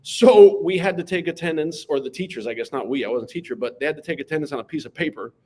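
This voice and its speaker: A man, a math teacher telling school anecdotes as an interview guest in an animated, lively way. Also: on the high side, quick pace. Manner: animated, lively storyteller who acts out voices.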